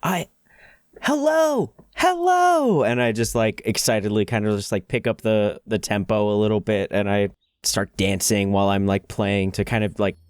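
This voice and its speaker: A player at a tabletop game, excitedly describing what their character does. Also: sits low, brisk, smooth, no echo, clean studio sound. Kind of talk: describing own character's actions.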